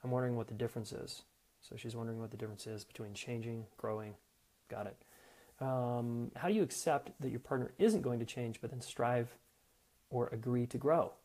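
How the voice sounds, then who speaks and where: A man's voice: mid-range voice, a little fast, a little mellow. A middle-aged man hosting a relationship advice podcast, talking frankly and casually and acting out what partners might say to each other. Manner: frank and conversational, acts out quoted partners. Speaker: podcast host and relationship coach.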